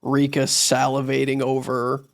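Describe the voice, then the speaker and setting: A man's voice: medium pitch, completely flat delivery, normal speed, gravelly. A man co-hosting a podcast, throwing in crude wisecracks during casual chat. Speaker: podcast co-host.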